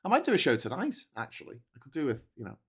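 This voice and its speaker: A man's voice: medium pitch, huge pitch swings, very fast, husky. A man hosting a live news commentary stream, rambling and jokey, often correcting himself. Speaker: show host. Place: seated in his own show chair.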